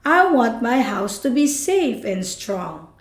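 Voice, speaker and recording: A woman voicing a careful, sensible little male pig who speaks calmly and earnestly. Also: fairly high pitch, takes it slowly, reverberant.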